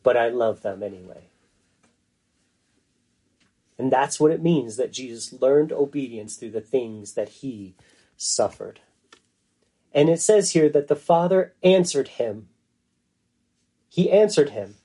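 A man delivers a sermon earnestly and emphatically, slowing down to lean on key phrases. His mid-range voice is animated, dark and husky.

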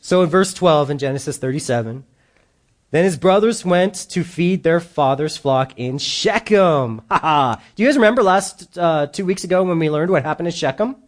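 A man's voice: fairly high pitch, expressive, moderate pace. A man preaching a sermon in a casual, joking way, acting out the voices of the people he quotes. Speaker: pastor.

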